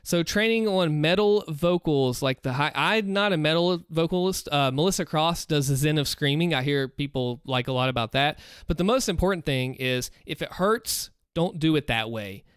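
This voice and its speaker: Man, fairly high voice, smooth and clear, casual live-stream chat, earnest rambling advice, dry close desk mic. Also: moderate pace, few pauses, dry recording. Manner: earnest, rambling, lots of restarts, advice-giving. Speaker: streamer answering viewer questions. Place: home room, seated in a chair. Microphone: desk microphone.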